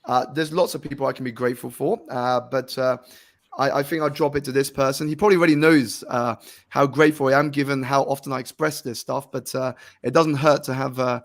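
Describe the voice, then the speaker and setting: A man, a motivational coach, chatting on a video call in a relaxed, measured way with lots of filler uhs. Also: mid-range voice. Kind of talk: casual video-call chat.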